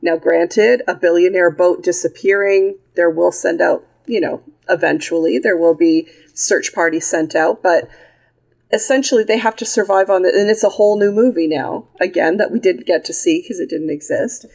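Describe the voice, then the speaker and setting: A woman's voice: fairly low pitch, moderate pace, creaky, a little mellow. Blunt, sarcastic woman podcast host. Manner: blunt, sarcastic, swears freely. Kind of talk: casual film review chat.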